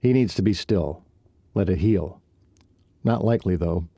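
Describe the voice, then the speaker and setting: A man's voice: deep voice, animated, a little slow, dark tone, husky, dry recording, studio quality, full character voice. A man narrating an audiobook, voicing a charming young rancher who speaks in short, clipped phrases. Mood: wry. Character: young male rancher, dry humor, charming.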